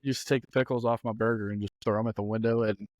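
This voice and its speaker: A man's voice: lowish voice, fairly even intonation, racing, darkish tone, no room sound, lo-fi sound. A man in his thirties co-hosting a podcast in a studio, telling stories in a laid-back way and laughing often. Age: 30s. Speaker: podcast co-host. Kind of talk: casual chat. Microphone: studio mic.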